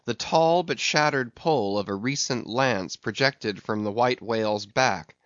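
Measured male audiobook narrator, middle pitch, dry and slightly dull recording. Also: a bit bright, no echo. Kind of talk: scripted narration.

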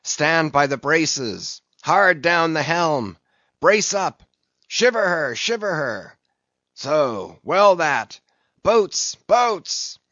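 Man doing a fierce old sea captain, shouting orders, high and loud, dull dry recording. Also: no echo. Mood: commanding. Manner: bellowing orders, drawn-out cries.

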